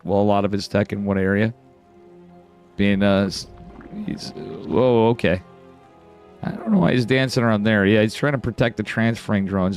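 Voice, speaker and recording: Casual upstate New York caster. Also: male voice, lowish voice. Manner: casual, swears, bursts of excitement. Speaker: esports caster. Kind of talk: live game commentary.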